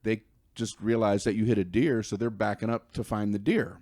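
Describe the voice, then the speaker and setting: A man's voice: on the low side, steady tone, normal speed, a little mellow, natural voice. A man voicing a matter-of-fact male tow truck driver who explains things plainly in a comic story.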